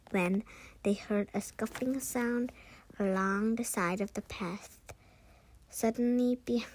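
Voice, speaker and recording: A woman reading a children's book aloud, unhurried, often stumbling and correcting herself. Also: medium pitch, darkish tone, a little hiss or hum, low-quality recording. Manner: unhurried, with frequent slips and self-corrections. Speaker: read-aloud narrator.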